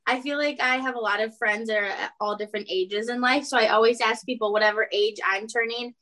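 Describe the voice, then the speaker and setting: Bright-voiced woman in her twenties. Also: on the high side, a little fast. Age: 20s. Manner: laughs often, relaxed and candid. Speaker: podcast co-host. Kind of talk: casual podcast chat.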